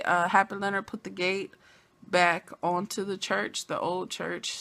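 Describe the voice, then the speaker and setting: A woman giving a chatty, casual recap of a TV episode, full of "you know" asides and sudden bursts of excitement. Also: on the low side. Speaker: TV episode reviewer.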